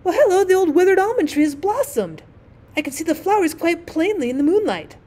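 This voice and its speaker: A woman voicing an excited, mischievous young boy who calls out in surprise, in a storybook reading. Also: very high voice, fairly quick, pitched above the performer's own voice. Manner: excited exclamations.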